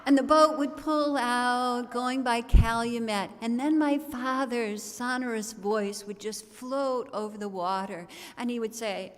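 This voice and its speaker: A woman's voice: on the high side, a little slow, hardly any pauses. A woman storyteller giving a comic, theatrical telling at a service in a large worship hall. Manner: theatrical, comic, expressive delivery. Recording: long reverb of a large hall.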